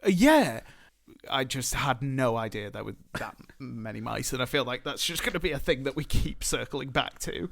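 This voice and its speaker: A young man co-hosting a casual podcast, rambling with fillers and animated retellings. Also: mid-range voice, normal speed, gravelly. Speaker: podcast co-host. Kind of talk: casual chat.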